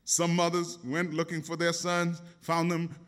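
A man's voice: on the high side, monotone, a little slow, a bit bright, smooth. A man preaching a sermon, dramatic and emphatic, calling out questions to his congregation. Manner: dramatic, call-and-response, emphatic.

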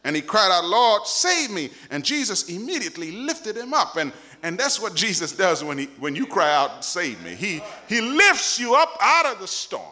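A male preacher delivering a sermon in an emphatic, repetitive way that rises at times to shouting. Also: high voice, very animated, normal speed, hardly any pauses.

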